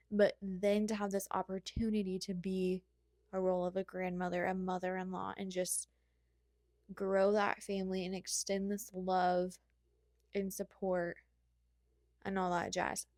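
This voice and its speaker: A woman's voice: mid-range voice, a little mellow, dry recording, clean studio sound. A young woman hosting a podcast, chatting casually about motherhood in a rambling, heartfelt way. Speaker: podcast host. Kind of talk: casual solo chat.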